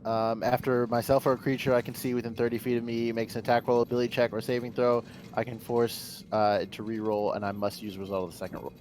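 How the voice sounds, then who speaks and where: A man taking his turn as a player in a tabletop role-playing game, his voice mid-pitched and plain. He hesitates often, restarts sentences and fills gaps, with a faint background noise. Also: level tone, fast talker, few pauses, a little mellow. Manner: hesitant, restarting, many fillers.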